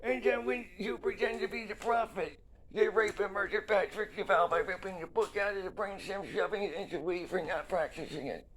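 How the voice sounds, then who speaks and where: Man, very high voice, solo monologue, fragmented, self-interrupting, shifts between shouting and quiet. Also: fairly quick, slight background noise. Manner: fragmented, keeps cutting himself off with short interjections.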